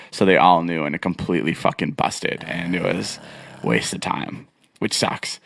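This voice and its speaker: A man's voice: low-pitched, moderate pace, gravelly, no room sound. A young man telling a long story on a podcast in a casual, rambling way, full of fillers and restarts. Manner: rambling, filler-heavy, animated retelling. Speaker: podcast co-host.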